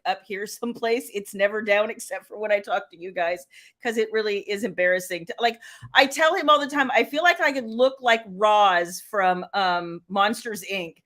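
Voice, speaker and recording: A woman's voice: mid-range voice, a bit bright. A middle-aged woman author hosting a casual livestream, chatting, laughing and greeting viewers by name. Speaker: author and live show host.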